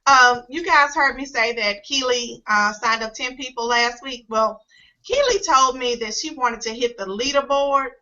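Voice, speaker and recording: A woman's voice: fairly high pitch, moderate pace, pushed and bright. A woman hosting a casual online team call, upbeat, encouraging and emotional. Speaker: host. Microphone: video call. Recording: dull lo-fi web call audio.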